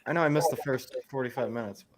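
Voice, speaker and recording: A man in a casual group podcast chat, tossing out deadpan jokes. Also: mid-range voice, fast, a crowd in the background.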